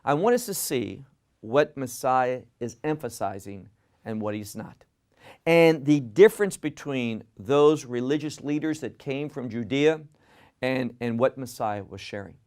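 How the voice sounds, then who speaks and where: A man's voice: medium pitch, animated, a little slow, a little mellow. A man teaching a Bible lesson in sermon style, emphatic, repeating words for stress and asking rhetorical questions.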